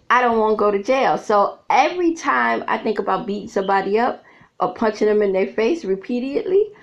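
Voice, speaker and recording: A woman's voice: mid-range voice, vocal fry. A middle-aged woman, a vlogger and author, talking frankly and casually to her viewers and laughing often as she tells her stories. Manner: frank, chatty storyteller who laughs often. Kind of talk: candid casual monologue to viewers. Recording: slightly dull lo-fi audio.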